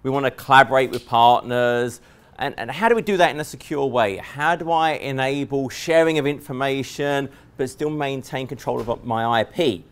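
An Englishman with an English accent giving a technical conference presentation to a live audience, joking and relaxed, with many fillers and restarts. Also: medium pitch, moderate pace, clean tone. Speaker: conference speaker.

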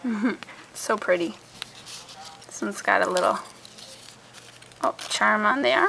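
A young woman vlogger showing her handmade scrapbook albums in a soft, chatty way, often trailing off and starting over. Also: mid-range voice, takes it slowly, vocal fry, pauses often, poor audio. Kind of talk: casual show-and-tell. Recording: faint background noise.

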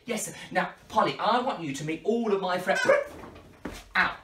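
A woman hosting a children's party show, playful and high-energy with lots of laughter. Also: a little fast, background noise. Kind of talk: lively children's show patter. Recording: echoey room, distant mic, faint music.

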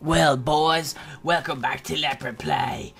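A man's voice: on the high side, slow, gravelly, breathy edge. A young man hosting his own gaming channel, giving casual, jokey gameplay commentary and yelping and ranting at the game as he plays. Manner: excitable and jokey, yelps and rants at the game.

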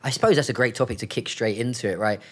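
A man hosting a relaxed podcast chat, talking loosely and laughing often. He teases his guest and drops in "mate" and "bro" as he steers the conversation along. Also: mid-range voice, rapid-fire, slightly rough. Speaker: podcast host. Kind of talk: casual podcast interview. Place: lives in Thailand.

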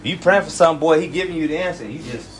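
A man's voice: a little high, racing, slight background noise. A man who is a church elder, preaching in an informal, emphatic, colloquial way and often tacking "man" onto his phrases. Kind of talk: informal sermon teaching.

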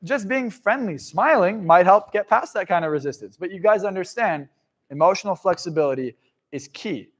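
A man giving a live motivational seminar talk to an audience, blunt and profane, swinging from loud outbursts to hushed asides. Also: high-pitched, lively intonation, normal speed. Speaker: motivational speaker.

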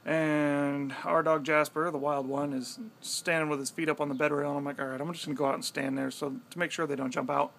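Young guy, gravelly and a bit high, animated storyteller who swears casually. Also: brisk, few pauses. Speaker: vlogger.

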